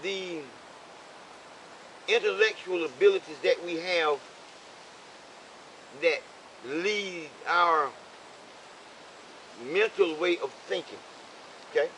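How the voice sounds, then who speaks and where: A man's voice: sits high, slow pace, long pauses, fairly bright tone, a little hiss or hum, low-quality recording. An older man telling a roadside story in casual conversation, preachy and leaning on "okay?" for emphasis. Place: in a vehicle.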